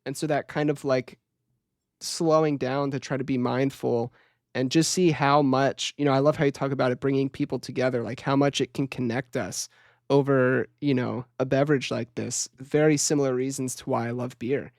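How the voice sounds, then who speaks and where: A man's voice: mid-range voice, moderate pace, no echo. Laid-back, thoughtful male podcast guest, dry close recording, easy laughs. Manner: relaxed, reflective, laughs easily. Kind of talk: podcast conversation.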